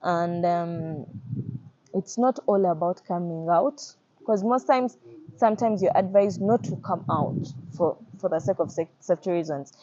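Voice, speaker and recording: Her voice is lowish and warm, her delivery a little slow: a young Ugandan woman and activist telling her own story earnestly. She tends to repeat herself and acts out what others said, on slightly muffled audio.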